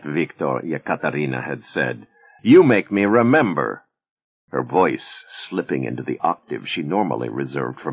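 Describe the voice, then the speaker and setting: A man narrating an audiobook in a measured, expressive storytelling manner. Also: extremely low pitch, creaky, husky, dull audio.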